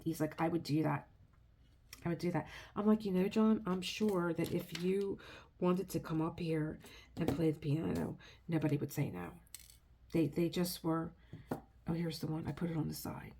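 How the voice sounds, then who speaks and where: In her casual vlog, a middle-aged woman who makes craft videos chats her way through a meandering, emotional story, frequently starting sentences over. Her low-pitched voice keeps a fairly even intonation at a moderate pace, and there is noise in the background.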